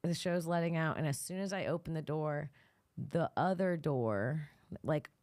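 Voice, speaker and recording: A woman's voice: sits low, unhurried, a little mellow. A young adult woman comedian telling a heated, foul-mouthed story on a podcast, often laughing. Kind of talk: animated storytelling. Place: podcast studio.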